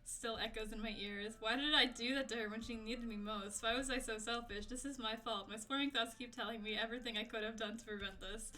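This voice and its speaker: A guilt-stricken young male student narrates his thoughts, read by a woman. The reading is quiet and subdued, the timbre strikingly bright and fairly high. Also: steady tone, a little fast, few pauses. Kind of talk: reading game text aloud.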